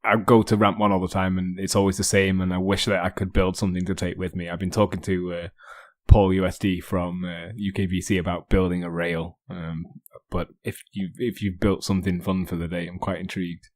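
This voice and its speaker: A man's voice: low voice, little pitch movement, a little fast. An English man hosting a podcast, chatting casually and rambling with many ums and restarts. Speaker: podcast host.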